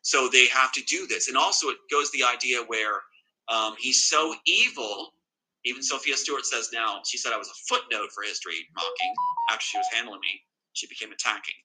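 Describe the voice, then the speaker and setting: Husky-voiced man, very bright and emphatic. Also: mid-range voice, fairly quick, poor audio. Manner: agitated, emphatic, repeats himself. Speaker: interview guest. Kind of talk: emotional personal account.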